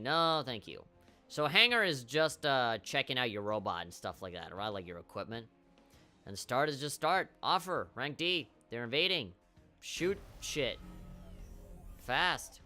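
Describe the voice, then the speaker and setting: A male streamer giving live gameplay commentary, wry and profane as he rambles. His voice is bright and sharp. Game music plays faintly in the background. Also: fairly low pitch.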